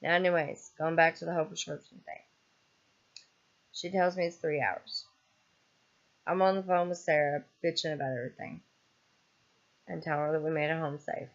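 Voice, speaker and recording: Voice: mid-range voice, steady tone, normal speed, pauses often, muffled recording. A vlogger ranting in a casual, exasperated way, rambling with lots of ums and swearing freely. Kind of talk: casual vlog rant.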